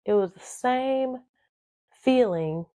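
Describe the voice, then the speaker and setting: Brief: woman, animated confessional storyteller, close and dry mic. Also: a little high, slow, dry recording. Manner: emotional, animated, dramatic. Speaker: podcast host telling her life story. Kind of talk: personal storytelling.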